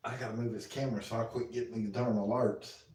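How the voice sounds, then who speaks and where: A man's voice: mid-range voice, fairly even intonation, fast, a little mellow. A man, casually chatting on a live stream from his home kitchen, reading out viewer comments in a folksy way. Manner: folksy, reads viewer comments aloud, talks to his dog. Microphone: phone. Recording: roomy, from a distance.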